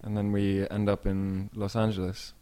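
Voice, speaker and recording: A man's voice: lowish voice, monotone, normal speed, warm tone, clear, resonant tone. A man from a touring band chatting casually in an easygoing way, chuckling now and then. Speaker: touring band member, guest. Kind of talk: casual interview chat.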